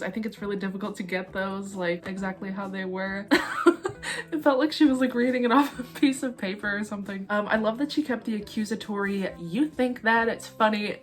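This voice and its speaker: A woman in her thirties reacting to an album, chatty and gushing, with lots of fillers. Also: medium pitch. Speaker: music reaction vlogger. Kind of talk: casual album reaction commentary.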